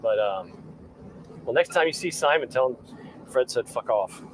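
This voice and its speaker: A man, a chef, chatting casually outdoors by a boat dock and telling animated stories. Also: mid-range voice, normal speed, a little hiss or hum, rough recording. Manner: animated, acts out quoted voices. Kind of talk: casual storytelling chat.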